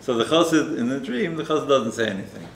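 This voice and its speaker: A male rabbi delivers a sermon in a relaxed, conversational storytelling manner, checking in with listeners through frequent tag questions. His voice sits at a middle pitch. The room echoes noticeably, and faint noise sits underneath. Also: fast. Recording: roomy echo, faint noise.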